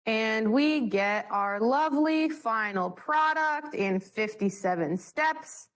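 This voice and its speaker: A woman's voice: fairly high pitch, lively intonation, slow. A young woman leading a chemistry study session in a bubbly, joking way. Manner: bubbly, joking, self-mocking. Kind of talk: classroom teaching.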